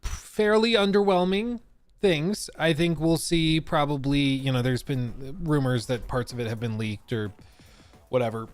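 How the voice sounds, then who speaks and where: A man's voice: on the high side, unhurried, soft background music. A man in his thirties hosting a live stream, chatting casually with joking, sarcastic asides.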